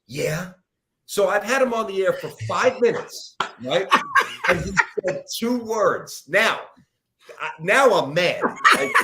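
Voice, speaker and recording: A middle-aged man, a sports radio host, telling a long story as a guest in a podcast interview, rambling and poking fun at himself. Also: fairly high pitch. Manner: animated, rambling, self-mocking storyteller.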